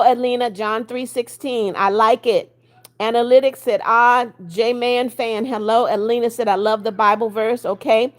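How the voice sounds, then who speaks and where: A woman in her seventies hosting a casual livestream, greeting viewers by name and reading their comments aloud, blunt when she scolds. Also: fairly high pitch. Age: 70s. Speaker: livestream host.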